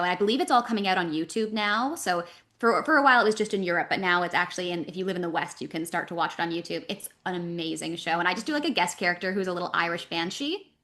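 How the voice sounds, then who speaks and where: Canadian woman voice actor chatting in an interview, lively and quick, lots of ums and likes. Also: fairly low pitch. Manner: animated, talks in quick runs with fillers. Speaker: voice actress guest. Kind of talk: casual interview talk.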